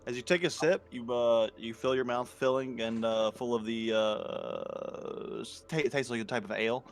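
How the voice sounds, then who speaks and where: Laid back guy narrating a tabletop game, lots of uhs, mid pitch. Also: normal speed. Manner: loose and filler-heavy. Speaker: game master.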